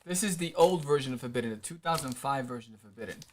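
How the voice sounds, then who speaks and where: A middle-aged man hosting a live stream as an independent comic creator, talking casually in a rambling, excitable way with many fillers. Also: medium pitch, fast, a little hiss or hum.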